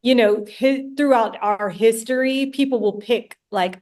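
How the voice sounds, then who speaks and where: A woman singer guest talking in a relaxed, easygoing way in an interview. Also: fairly high pitch, unhurried, hardly any pauses. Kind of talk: casual interview chat.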